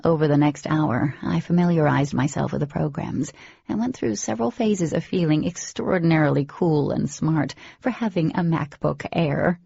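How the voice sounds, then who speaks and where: A woman narrating an audiobook in first person, with an expressive reading and a husky, creaky voice. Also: low-pitched, moderate pace, dry recording, highs cut off.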